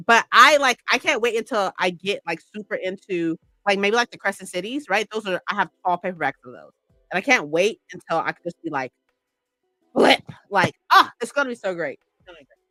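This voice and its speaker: Gushing woman with a bright, close voice. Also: medium pitch, lively intonation, a little fast, no echo, soft background music. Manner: gushing, rambling, many "like"s and "right?". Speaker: streamer. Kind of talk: casual livestream chat.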